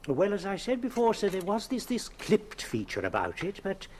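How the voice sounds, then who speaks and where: A man's voice: sits high, wildly swooping pitch, a little mellow, slight background noise. An actor playing a polite, hesitant male undertaker in a 1970s television police drama. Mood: deferential. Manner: hesitant, deferential, halting.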